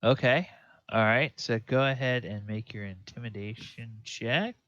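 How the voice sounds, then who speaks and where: A man narrating as the dungeon master, slow and drawn out, with many fillers. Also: medium pitch, a bit bright, dry recording, dull audio. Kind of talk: narrating a tabletop game.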